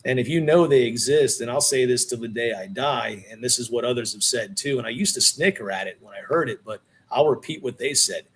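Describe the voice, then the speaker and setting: A middle-aged man talking as a podcast guest, spinning a long story in a loose, animated way at an ordinary pitch. He drops in a "dude" here and there and keeps it conversational rather than polished. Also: brisk, hardly any pauses, breathy edge. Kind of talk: casual storytelling.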